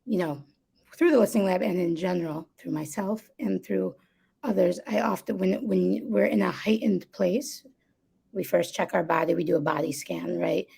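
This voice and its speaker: A woman with a low, slightly rough, somewhat mellow voice and vocal fry speaks as a guest in a live conversation. She's the co-founder of a listening workshop and explains things reflectively, often checking in with "right?".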